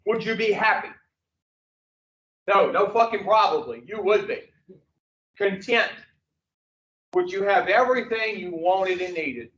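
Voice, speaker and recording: High-voiced guy counselor cussing and grilling a group, far off in an echoey room, dull sound. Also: lively intonation, unhurried, pauses often, fairly bright tone. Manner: blunt and profane, with rhetorical questions. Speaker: addiction recovery counselor. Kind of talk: group lecture with audience questions.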